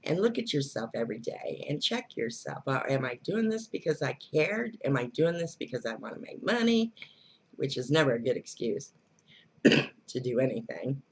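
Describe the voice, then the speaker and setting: A woman's voice: a bass voice, very animated, moderate pace, slightly rough. A woman giving casual spiritual advice, blunt and earthy, who swears freely and laughs often. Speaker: spiritual teacher.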